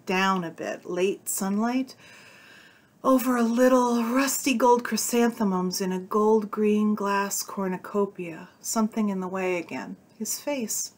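A woman with a mid-range voice reads a short story aloud, a little slowly, in an audiobook style. She voices the characters' dialogue with shifts of tone, giving it its own sound.

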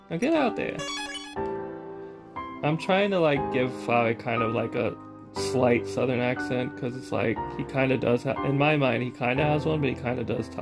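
A man's voice: mid-range voice, vocal fry. A man hosting a let's play, chatting casually and rambling about the game and his channel. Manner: rambling, self-deprecating, laughs often. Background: game music.

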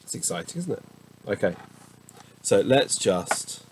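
A man's voice: fairly low pitch, big pitch swings, noisy background. A tired middle-aged man, casually reading dictionary entries aloud with musing asides. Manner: slow, musing, chatty asides.

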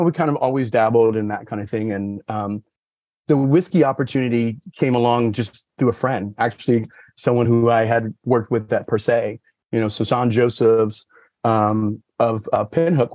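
Ospite maschile di podcast, parlantina sciolta, tono medio, registrazione asciutta; racconta aneddoti con molti intercalari. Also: male voice, normal speed, a little mellow, no echo. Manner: rambling storyteller, many fillers like "you know" and "like"; acts out quoted dialogue with raised pitch. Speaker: podcast guest, sommelier. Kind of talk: casual chat.

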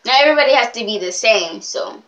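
A young woman rambles through a casual vlog, giggling as she loses her thread. Her pitch swoops up and down, and her tone is bright and a little high. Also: lively intonation, fast, highs cut off. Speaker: vlogger.

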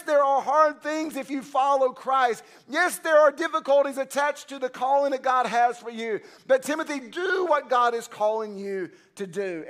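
A man's voice: extremely high pitch, a bit bright. A man, the senior pastor, preaching a sermon at a church service in an impassioned, emphatic way that builds through repetition.

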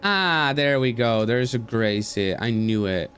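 Lively swearing man playing a game. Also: medium pitch, unhurried, soft background music. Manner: animated, swears, talks to the game, yelps and squeals. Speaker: gaming streamer. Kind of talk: casual gameplay commentary.

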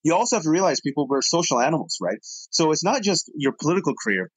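A man, a columnist guest, telling political anecdotes with lively energy and addressing the audience directly. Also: on the high side, fast talker, slightly rough, dry recording, poor audio. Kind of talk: animated political storytelling.

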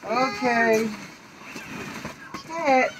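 A woman reading a children's book aloud at home, playful and coaxing, giving quick directions during pretend play. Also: fairly high pitch, noisy background.

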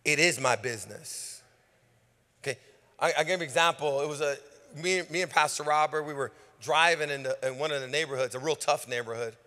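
A man's voice: fairly high pitch, a little fast, sharp tone. A male pastor preaching a rousing sermon with call-and-response, recorded on a stage microphone in a church sanctuary. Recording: long reverb of a church hall.

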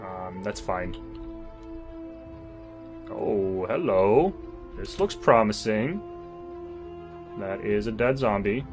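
Exasperated man doing lively game commentary. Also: on the low side, takes it slowly, pauses often, music in the background. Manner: swears and talks to himself, exasperated and joking. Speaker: gamer. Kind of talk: let's play commentary.

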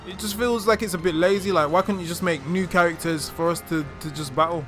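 A woman's voice: lowish voice, fast talker, few pauses. A woman doing playful, joking gameplay commentary as a gaming channel host. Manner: joking, bantering, breaks into silly song. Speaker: gaming YouTuber. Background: game music.

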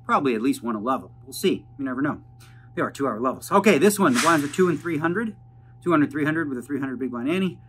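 A poker player vlogger casually narrates, rambling through poker hand breakdowns full of jargon against a noisy background. His slightly high, somewhat bright voice has lively intonation and he talks fast.

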